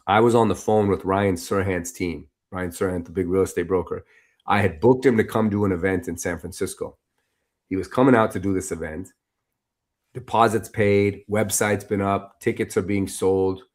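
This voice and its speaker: A man guest on a podcast, telling a story in a loose, animated, conversational way with lots of filler phrases. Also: deep voice, moderate pace. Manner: animated, loose and conversational, full of "you know" and "like". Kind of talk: casual storytelling interview.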